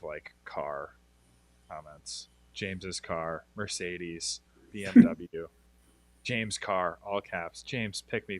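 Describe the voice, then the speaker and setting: A man co-hosting a casual livestream chat, upbeat and quick to laugh, often restarting his sentences. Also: low-pitched, a bit bright. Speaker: stream co-host.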